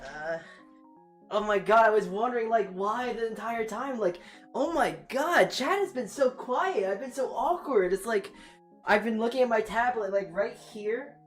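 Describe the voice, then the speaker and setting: Fairly high-pitched and animated, the virtual streamer speaks at a moderate pace as she chats live with viewers. She comes across as flustered, self-deprecating and apologetic, with frequent exclamations, in an echoey room with faint music behind her.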